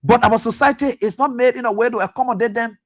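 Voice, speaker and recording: A man's voice: very high voice, fast. A man hosting a radio talk show, delivering impassioned, accusatory political commentary with repeated pointed questions. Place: radio studio.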